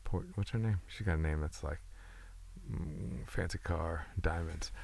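Gravelly low-voiced man rambling casually. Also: measured pace, darkish tone, a little hiss or hum. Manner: loose, profane storytelling with restarts.

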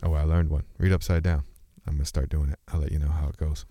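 Man, deep low voice, rambling casual monologue, self-interrupting, dry close sound. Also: level tone, quick pace, dark tone, no echo. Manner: switches between speech registers.

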